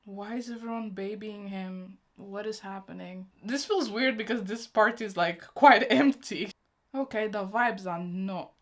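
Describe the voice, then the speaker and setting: A woman's voice: mid-range voice, a little slow. A young woman hosting a reaction video, chatting casually and emotionally, talking back at the screen.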